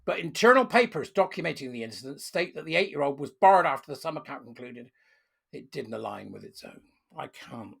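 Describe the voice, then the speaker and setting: Commentator, angry rant to camera, bright forceful tone with a gravelly rasp. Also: medium pitch, very animated, fairly quick. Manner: furious, ranting, emphatic. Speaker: online commentator.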